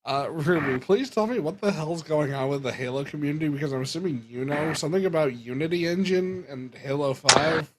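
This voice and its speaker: A man's voice: a little high, a little fast, few pauses. A man hosting a podcast who jokes around and moves the talk on to the next subject. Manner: jokey, steering the talk along. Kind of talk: casual chat.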